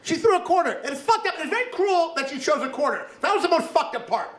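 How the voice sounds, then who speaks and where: A young man from Kentucky performing a stand-up set in a comedy club, animated and punching up his lines with loud exclaimed bursts. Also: extremely high pitch, fast talker. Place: comedy club with laughing audience. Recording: roomy club with crowd laughter.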